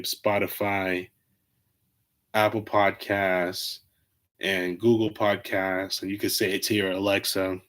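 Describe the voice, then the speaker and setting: A man hosting his own podcast, rambling in a loose, excitable, heavily profane way. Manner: rambling, profane, excitable, fillers like "boom" and "freaking". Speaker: podcast host. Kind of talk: casual solo podcast rant.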